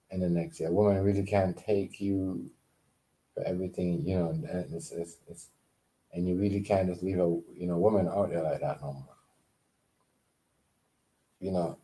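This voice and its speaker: A man's voice: low-pitched, mellow. A man in a casual, rambling vlog rant, profane and emphatic, often repeating himself. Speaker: vlogger.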